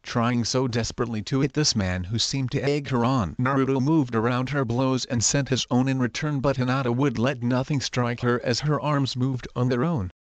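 A man narrating a fan fiction story in a steady, even reading voice. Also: medium pitch, dry recording. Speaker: fanfiction reader. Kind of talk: scripted narration.

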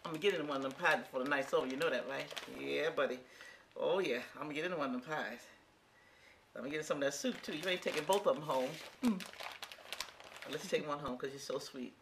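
A deep-voiced woman in her sixties speaks quickly against a noisy background. She's a home cook giving a casual demonstration of a recipe in her kitchen, talking right to viewers with folksy exclamations.

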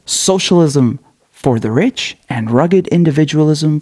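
Male commentator, slightly high voice, mocking and sarcastic, close dry sound. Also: moderate pace, dark tone, no room sound. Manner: mocking, taunting, laughs often, rhetorical questions. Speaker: political commentator.

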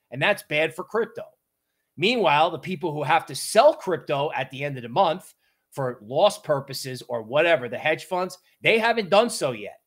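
A man hosting a casual livestream on markets, talking in an animated, joking storytelling way. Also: fairly high pitch. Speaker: crypto market livestream host.

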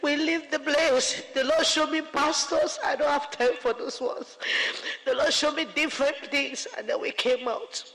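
High-voiced woman giving a fervent testimony. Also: fairly even intonation, moderate pace, fairly bright tone, big-room sound, poor audio. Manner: pleading, tearful at times, fervent. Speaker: testifying speaker. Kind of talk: emotional religious testimony.

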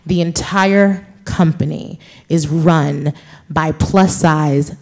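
A woman's voice: low-pitched, slow pace, darkish tone. Chatty laughing woman telling a story. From New York. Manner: chatty, laughing, lots of "like" and "you guys". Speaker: author guest. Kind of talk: storytelling conversation on stage. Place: live author event before an audience.

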